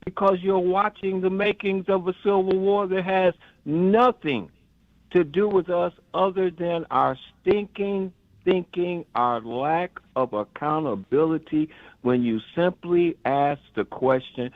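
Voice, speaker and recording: Older guy from chicago calling in, gravelly voice, worked up and rambling, muffled dry phone sound. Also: high voice, a little slow, no room sound. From Chicago area, US. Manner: emotional, rambling, stammering repeats. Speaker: caller. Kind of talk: impassioned call-in rant. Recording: dull phone line.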